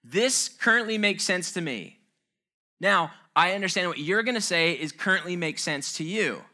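A man's voice: high-pitched, animated, moderate pace, sharp tone. A man giving an informal talk on relationships, earnest and conversational, with self-mocking asides. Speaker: speaker on relationships.

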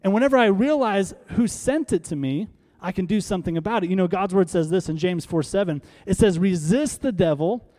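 High-voiced preaching man, emphatic. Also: a little mellow. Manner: emphatic, rhetorical questions, leads congregation to repeat lines; uses props on stage while preaching. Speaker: pastor. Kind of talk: sermon.

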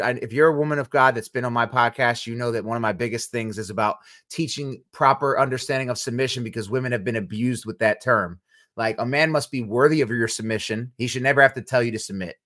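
A man's voice: medium pitch, fairly bright tone. A man co-hosting a podcast with his wife, talking earnestly and instructively in a casual chat about marriage and faith. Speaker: podcast co-host.

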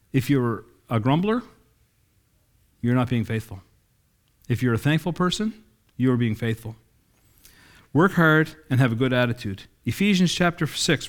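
A middle-aged man preaching a sermon in a conversational way, reading scripture and acting out quoted dialogue. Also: medium pitch.

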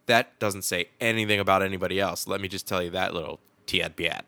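A young man hosting a solo podcast with a head cold, rambling and swearing in a wired, excitable way. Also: deep voice, quick pace, no echo, studio quality. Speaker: podcast host.

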